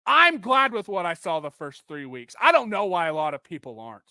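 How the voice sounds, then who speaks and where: A young man in his twenties rants on his own podcast, frustrated and emphatic. His voice sits high and sounds bright and forceful. The recording is dry and close. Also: wildly swooping pitch, a little fast, no room sound. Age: 20s. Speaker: podcast host and football coach. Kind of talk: solo podcast rant.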